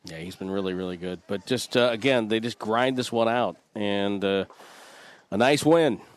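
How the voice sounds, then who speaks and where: A man's voice: fairly low pitch, normal speed, a little hiss or hum. A man working as a play-by-play broadcaster, wrapping up a postgame show in an easygoing, amused, teasing way.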